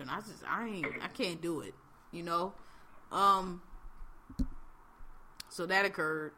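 A woman with a bright, clear-toned voice hosts a casual podcast. She talks bluntly in loose, slang-heavy speech. She is full of fillers and easy laughter. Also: a little high, expressive, unhurried. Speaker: podcast host. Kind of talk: casual chat recapping reality TV.

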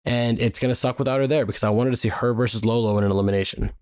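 A man co-hosting a podcast, giving quick, filler-heavy opinions in casual chat. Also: mid-range voice, steady tone, a little mellow, clean tone, dry recording, clean studio sound. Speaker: podcast co-host.

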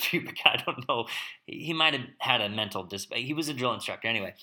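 Male podcast host, conversational and reflective, very bright-toned voice. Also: lowish voice, fast talker. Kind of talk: casual podcast interview and outro.

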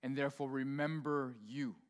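A man voicing a wise, solemn lion king spirit, speaking slowly and gravely in a church. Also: medium pitch, little pitch movement, pitched below the performer's own voice, lightly acted. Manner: slow, grave delivery. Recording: long hall reverb in a church.

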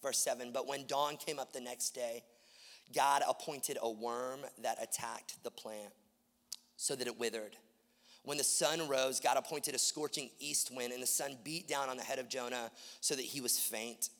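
A male pastor preaching a sermon with impassioned, repetitive delivery that swings from hushed to loud. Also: mid-range voice, steady tone, normal speed. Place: church auditorium. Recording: long reverb of a large hall.

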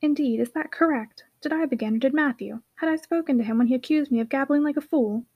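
A woman's voice: high-pitched, fast, no room sound, muffled recording. A woman playing a haughty, indignant boy. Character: proud, quarrelsome young boy.

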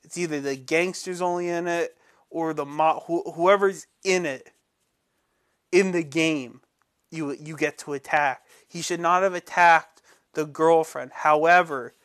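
Man, host, casual commentary, slightly high voice, rambling, restarts a lot, opinionated. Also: fairly bright tone.

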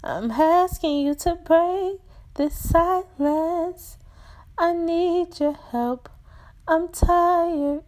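A woman's voice: extremely high pitch, very slow, a little mellow, pitched above the performer's own voice, heavily acted. A woman voicing a desperate, tired woman from the past who pleads and accuses in a strained, crying voice in a spoken word poem. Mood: pleading. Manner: repetitive, pleading, emotional.

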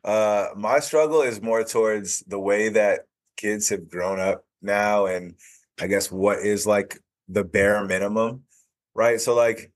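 Man, low voice, slow measured podcast talk, lots of uhs. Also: steady tone. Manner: measured, hesitant, many "uh"s. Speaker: podcast co-host. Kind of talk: casual chat.

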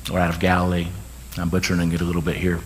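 A man preaching a sermon as pastor, conversational with quick asides and self-corrections, and he says he is tired. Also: low-pitched, completely flat delivery, a little hiss or hum.

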